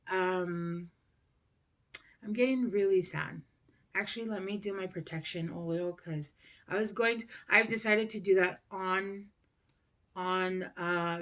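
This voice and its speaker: A tarot reader, a woman in her thirties, gives a casual reading to camera, emotional and rambling, often trailing off and restarting sentences. Her voice is lowish with a fairly bright tone.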